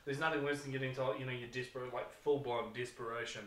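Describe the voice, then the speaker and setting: A man's voice: medium pitch, steady tone, quick pace. A man with a New Zealand accent co-hosting a podcast, telling crude, profane stories in a rowdy way. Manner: profane, rowdy, loud acted-out exclamations. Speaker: podcast co-host. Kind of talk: crude casual storytelling. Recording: echoey room, mic at a distance.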